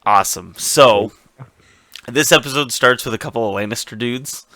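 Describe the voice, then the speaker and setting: A man co-hosting a casual recap show, energetic and rambling, often restarting sentences and acting out what characters say. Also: mid-range voice, normal speed. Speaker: podcast co-host.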